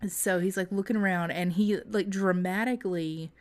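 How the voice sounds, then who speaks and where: Woman telling a lively story. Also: fairly low pitch, moderate pace. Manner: animated, laughing storyteller. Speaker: podcast co-host. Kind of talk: casual storytelling chat.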